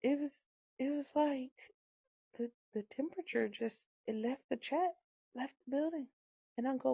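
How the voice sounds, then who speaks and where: This is a mother in her thirties telling a comic story in a relaxed, chatty way. Her voice sits a little high but sounds mellow and gravelly. The recording is dull and dry. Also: normal speed, dry recording. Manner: animated, laughing, repeats herself for effect. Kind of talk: casual storytelling.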